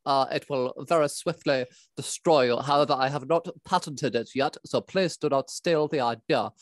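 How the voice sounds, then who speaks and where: A voice actor doing a slow, pompous comic villain. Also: medium pitch, dry recording, close to an everyday voice. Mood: smugly polite. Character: pompous bumbling villain businessman.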